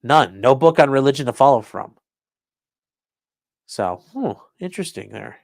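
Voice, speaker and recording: A man at a middle pitch, talking casually and sarcastically on a livestream, mocking people and reading out viewer comments with profane asides. His voice is recorded close and dry, with no room sound around it. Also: animated, moderate pace, gravelly, no echo. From rural area. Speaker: livestream host.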